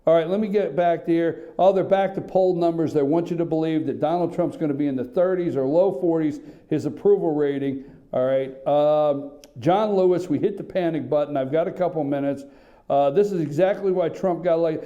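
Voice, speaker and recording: A man with a high voice and a mellow, warm tone runs a political talk radio monologue from a small studio. He rambles and gets worked up, drifting off on tangents with a sarcastic edge. He talks straight into a studio microphone. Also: fairly quick, lo-fi sound.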